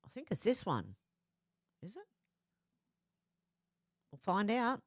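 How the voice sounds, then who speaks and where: An Australian woman hosting a livestream, chatting casually and reading viewer comments aloud in a lively quoting voice. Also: medium pitch, takes it slowly, no echo, studio quality. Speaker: livestream host.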